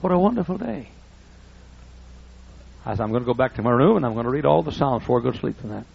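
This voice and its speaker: A man's voice: mid-range voice, racing, gravelly, slightly rough. An older man preaching a folksy storytelling sermon. He acts out the dialogue in raised voices. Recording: muffled lo-fi recording.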